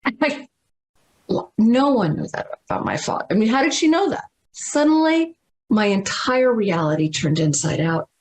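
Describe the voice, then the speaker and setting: A woman guest speaking over a video call, telling a personal story in an emphatic, dramatic way, slowing down and repeating words for stress. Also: medium pitch, sing-song. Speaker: spiritual teacher and guest.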